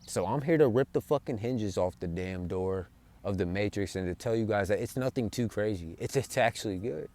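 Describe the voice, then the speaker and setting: A man's voice: on the low side, fairly quick, darkish tone. A young man giving an impassioned, profane spiritual monologue to his viewers from outdoors in nature, calling them bro and man. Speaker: spiritual vlogger.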